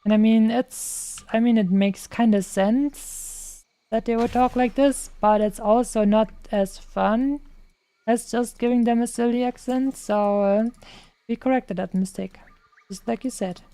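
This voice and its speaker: A woman's voice: fairly high pitch, steady tone, measured pace, mellow, dry recording. A young woman streaming a game, chatting casually and playfully, tossing in silly sound effects. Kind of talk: casual gaming chat.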